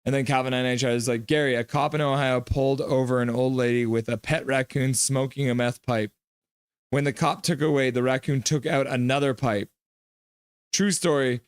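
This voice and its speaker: A casual man hosts a live stream, reading viewer comments aloud and cracking jokes between bits of play-by-play. His voice is smooth and clear at a middling pitch. It is recorded close and dry, with no room sound. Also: steady tone, normal speed, dry recording.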